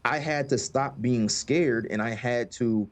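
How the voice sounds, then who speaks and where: A man talks through a game in a loose, rambling way. He stumbles over and repeats words, with lots of fillers, at a middling pitch. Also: unhurried. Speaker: host. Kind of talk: casual gaming chat.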